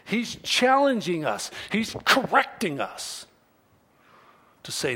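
A middle-aged male pastor preaching a sermon, deliberate and measured, dropping to near-whispers and then rising to emphatic peaks. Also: high voice, big pitch swings, slight background noise. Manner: slow, deliberate preaching that swings from quiet to emphatic.

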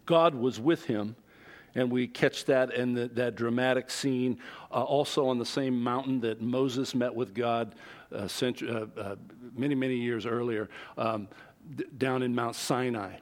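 A man preaching a sermon who reads scripture aloud and explains it conversationally. He stresses words with sudden rises in pitch and loudness. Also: measured pace. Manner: expressive, with big jumps in pitch and loudness for emphasis. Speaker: pastor.

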